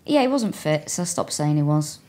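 A woman's voice: sits low, very animated, normal speed, mellow. A woman, a comedian co-hosting a podcast, in casual chat, reacting with laughing enthusiasm.

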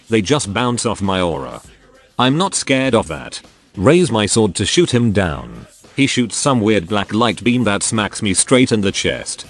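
A computer-generated male voice reading crude first-person forum stories straight through. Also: on the low side. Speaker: narrator.

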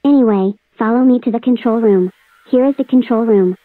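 A woman's voice: on the high side, fairly quick, no echo, lightly acted. A synthetic female text-to-speech voice playing a gloating villain who spreads a spammy operating system, taunting and threatening. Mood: scheming. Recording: dry tinny phone-like audio.

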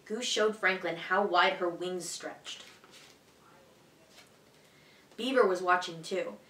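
A woman teacher reading a children's picture book aloud in a clear, expressive, evenly paced way. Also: fairly low pitch, unhurried, distant mic, a little hiss or hum. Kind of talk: storybook read-aloud for children. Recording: echoey room, voice a bit off-mic.

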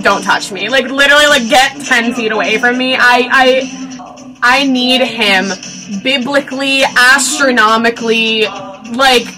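A woman in her twenties giving a casual movie reaction, gushing and excitable, swearing freely and breaking into shrieks and laughter. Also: fairly high pitch, poor audio. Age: 20s. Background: film soundtrack music.

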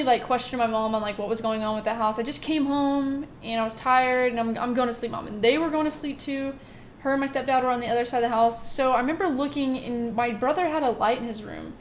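A woman's voice: a little high, slight background noise. A woman telling a personal ghost story in a casual, rambling way, full of filler words and restarts, as host of a gaming channel.

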